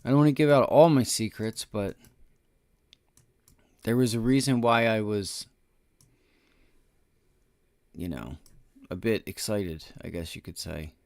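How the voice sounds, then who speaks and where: A man hosting a live day-trading stream, talking through charts and swinging between low frustrated muttering and loud swearing outbursts. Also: unhurried, pauses often, no echo. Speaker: day trading livestream host.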